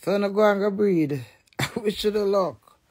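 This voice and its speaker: A middle-aged woman in a blunt, profane, animated casual rant to the camera. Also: mid-range voice, moderate pace.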